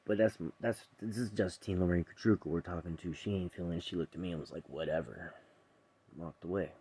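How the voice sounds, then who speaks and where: A man telling a painful story from his own life to the camera, profane and emotional, loud when he is angry and quiet when he is full of regret. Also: low-pitched, fairly even intonation, fast, slightly rough. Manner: raw, profane, emotional retelling; quiet and subdued when remorseful.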